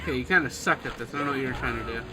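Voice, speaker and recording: A young man who is a gaming video creator, giving excitable gameplay commentary and voice-over narration with loud outbursts and swearing. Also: mid-range voice, very fast, loud music behind the voice.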